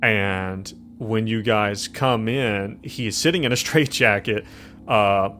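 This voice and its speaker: A man's voice: on the low side, takes it slowly, pushed and bright, slight background noise. A man narrating as game master of a tabletop horror game, in a rambling way with many fillers.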